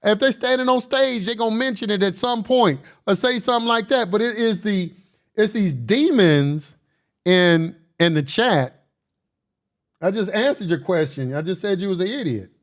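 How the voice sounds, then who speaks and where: A man's voice: sits high, expressive, normal speed. A man hosting a casual livestream, lecturing his chat in a combative, boastful, slangy way and repeating phrases for emphasis. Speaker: livestream host answering chat.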